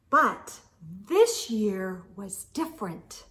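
A woman reading a children's picture book aloud with an expressive manner and soft asides. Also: mid-range voice, takes it slowly. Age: adult. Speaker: children's storyteller.

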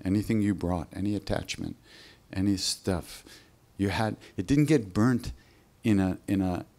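A man relates a spiritual story to a live workshop audience, keeping it easygoing and chatty while voicing each of its characters. His voice sits on the low side.

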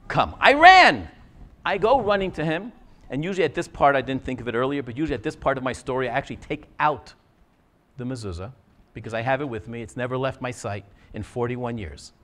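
A middle-aged man, a scribe, telling a personal story in a talk and acting out the quoted dialogue. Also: on the high side. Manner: animated, acts out quoted dialogue.

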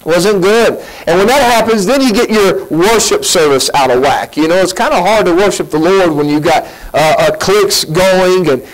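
Folksy preacher, a man in lively sermon. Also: sits high, moderate pace, few pauses, poor audio. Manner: folksy, animated preaching with acted-out quotes. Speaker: pastor. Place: church sanctuary.

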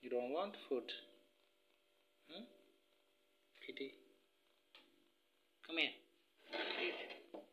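Slow cooing man talking to his cat. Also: medium pitch, lively intonation, background noise. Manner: soft cooing baby talk. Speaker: pet vlogger.

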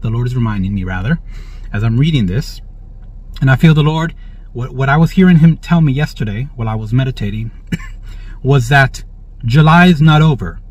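At normal speed but with long pauses, a man with a medium-pitched, slightly rough voice leads prophetic religious commentary. He reads the news, joyfully breaks in with praise, and often asks the audience "all right?" The lo-fi recording is dull and dry.

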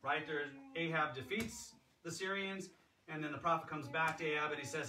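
A man's voice: fairly high pitch, steady tone, brisk, pushed and bright. A man preaching a sermon in a church, with a conversational manner and acted-out quotes. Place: church sanctuary. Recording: echoey hall, distant mic, background noise.

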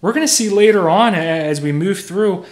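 A man's voice: high voice, normal speed. A young man preaching a sermon in a conversational, earnest way, explaining with everyday examples. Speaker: pastor.

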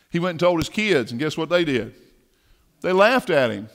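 A man's voice: a little high, big pitch swings, moderate pace, a bit bright. A male pastor preaches a sermon in a church, telling a story and asking the congregation questions. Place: church sanctuary. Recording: long reverb of a church hall.

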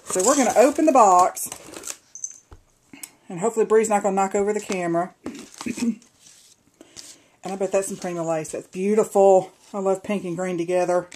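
A woman's voice: mid-range voice, moderate pace, long pauses, darkish tone, poor audio. A woman chatting through a casual unboxing vlog at home, gushing over craft supplies. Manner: gushing and chatty, addressing viewers as y'all. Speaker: crafter opening a swap box.

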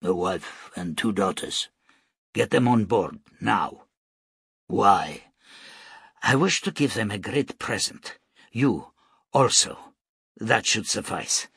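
A man voicing a calm, decisive royal leader in an audiobook reading, terse and commanding. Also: fairly low pitch, slow pace, gravelly, pauses often, slightly rough, no echo, clean studio sound, heavily acted.

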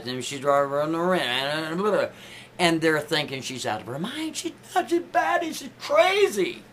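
A man telling a made-up story in a casual, chatty way, pushing his pitch up for emphasis. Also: a bit bright, a little hiss or hum.

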